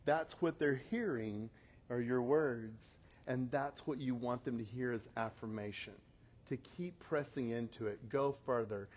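A man in his forties giving a talk to an audience, telling a family story in an animated way and laughing at his own stories. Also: mid-range voice, unhurried. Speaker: speaker. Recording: slightly muffled lo-fi recording.

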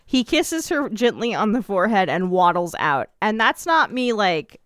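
Woman, casual podcast chat, smooth clear voice, dry close sound, swears, acts out scenes. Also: mid-range voice, very animated, moderate pace, a bit bright, no room sound. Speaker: podcast co-host recapping a TV episode.

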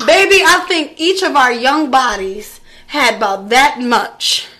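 A young woman from the Hartford, Connecticut area in casual chat, telling a story loudly and profanely with plenty of laughter. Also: high voice, measured pace.

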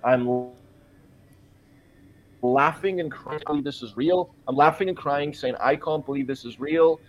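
A man's voice: fairly high pitch, a little slow. Earnest man telling his testimony. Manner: earnest and emphatic, quoting his own prayers. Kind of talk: personal testimony in a podcast interview.

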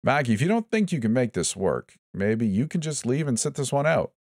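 A man's voice: mid-range voice, very animated, fairly quick, a little mellow, no echo, studio quality, pitched above the performer's own voice. A man voicing a curt, dismissive young man in a spoken horror story.

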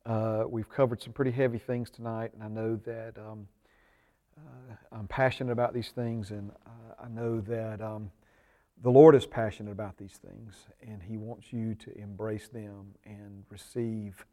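A man's voice: fairly low pitch, level tone, a little slow, darkish tone. A man teaching a church discipleship class, earnest and full of ums, rising with emphasis when he reads scripture aloud. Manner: frequent ums and uhs; prays aloud.

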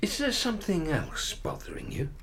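An actor playing a gentle middle-aged father who coaxes his daughter affectionately. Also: high voice, huge pitch swings, moderate pace, a little hiss or hum, full character voice. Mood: coaxing. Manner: coaxing, affectionate. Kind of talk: radio drama acting.

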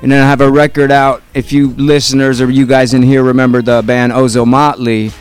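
A man's voice: mid-range voice, little pitch movement, brisk, smooth, soft background music. A man talking as a musician and label owner in a casual interview, easygoing and a little rambling.

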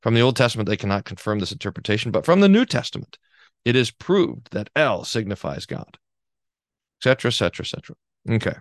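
A man's voice: mid-range voice, quick pace, no echo, studio quality. A man, a pastor, teaching a Bible class in a conversational way, reading quotations aloud and commenting with frequent restarts. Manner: lively, restarts often, reads quotations with emphasis.

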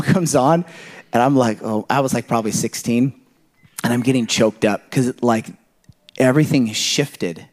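A man in his thirties preaching to a church congregation, telling personal stories in a loose, conversational way full of asides and fillers. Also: medium pitch. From Kenya. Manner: conversational, rambling storyteller with frequent "like" and "you know". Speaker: pastor. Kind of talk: sermon.

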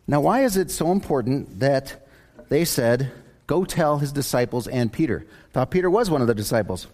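A man's voice: medium pitch, expressive, normal speed, a little mellow. A man preaching a sermon as a pastor, in a conversational way with joking asides.

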